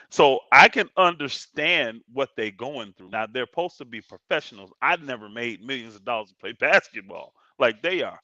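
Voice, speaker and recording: A middle-aged man co-hosting a casual sports chat, telling animated stories and acting out what others said. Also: medium pitch, normal speed, no room sound. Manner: animated storyteller, acts out others' lines. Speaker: co-host. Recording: dull lo-fi sound.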